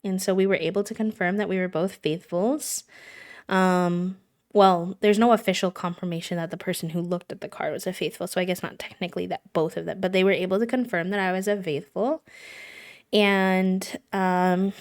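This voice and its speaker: Chatty young woman streamer. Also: mid-range voice. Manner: chatty, animated storytelling with many fillers. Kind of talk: casual chat to a live stream audience.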